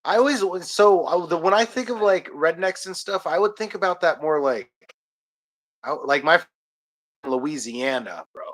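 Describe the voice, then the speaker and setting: A man's voice: on the high side, animated, normal speed, a bit bright. A young man from Washington state hosting a live stream, chatting in a rambling way with many fillers and frequent laughs. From Washington state, USA. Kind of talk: casual chat.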